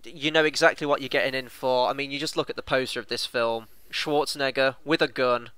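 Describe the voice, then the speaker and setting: A man's voice: mid-range voice, steady tone, fairly quick, bright, forceful tone, smooth, dry recording. A man co-hosting a casual film review, chatting enthusiastically with plenty of "you know" fillers.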